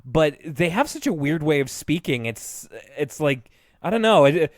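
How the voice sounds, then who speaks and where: A man co-hosting a podcast in casual chat, retelling cartoon scenes in an animated way, with lots of fillers and laughs. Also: on the high side, moderate pace, dry recording, studio quality. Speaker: podcast co-host.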